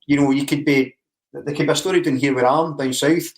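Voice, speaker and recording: A man's voice: medium pitch, fairly even intonation, fast. A man, co-hosting a football podcast, rambling animatedly through ideas. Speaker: podcast co-host. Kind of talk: casual chat. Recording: roomy echo.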